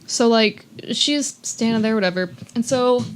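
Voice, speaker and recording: A young woman on a podcast, chatty and full of "like" as she tells a story. Her voice sits a little high. She slips into quick impressions of the people she describes. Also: a little hiss or hum. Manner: chatty, filler-heavy, acts out quoted people. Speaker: podcast co-host. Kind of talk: casual storytelling chat.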